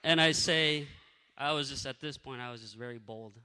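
Man, bright tense voice, crisp and smooth, energetic testimony storytelling. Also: mid-range voice, moderate pace, big-room sound. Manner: energetic, animated storyteller who acts out what people said. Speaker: speaker sharing a faith testimony.

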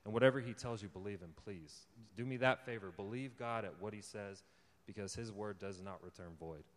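A man's voice: lowish voice, a little fast. A young man giving an informal sermon testimony to a live audience. He tells his story conversationally, laughs often, and builds to fervent encouragement. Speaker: lay preacher giving a testimony. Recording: long hall reverb.

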